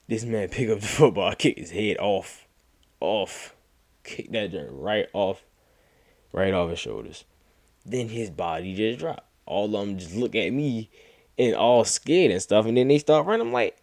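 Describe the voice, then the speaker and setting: Young guy talking aave slang, retelling a crazy dream story, low voice, pops up high on the quotes, dry close mic. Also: normal speed, dry recording. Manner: animated, acts out quoted lines in a raised voice. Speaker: gaming YouTuber. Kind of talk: casual storytime recap.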